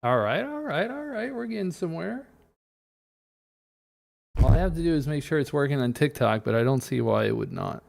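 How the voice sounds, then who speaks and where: A man's voice: a little high, sing-song, moderate pace, creaky, pauses often. A man streaming live, talking casually to himself and his viewers as he tinkers with settings, muttering and swearing now and then.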